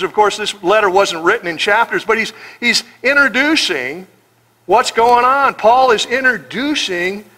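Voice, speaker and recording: High, bright-voiced man preaching. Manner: animated, joking, acts out quoted voices. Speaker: pastor. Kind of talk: sermon.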